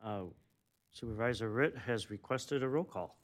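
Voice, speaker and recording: A man's voice: mid-range voice, moderate pace. A man chairs a county board meeting and steps through the agenda items. He stays procedural, with an occasional light, teasing remark. His voice sits in a mid range.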